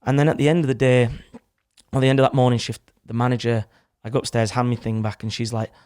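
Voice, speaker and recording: A man's voice: medium pitch, little pitch movement, quick pace, a little mellow, clear, resonant tone, dry recording, clean studio sound. A young man, casually telling a rambling story in a podcast chat, with some swearing. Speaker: podcast guest. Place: studio. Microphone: studio microphone.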